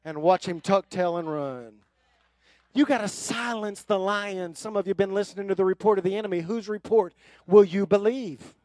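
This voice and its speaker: A man preaching a sermon from the pulpit, emphatic and building into forceful runs. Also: high-pitched, moderate pace, no echo. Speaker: pastor.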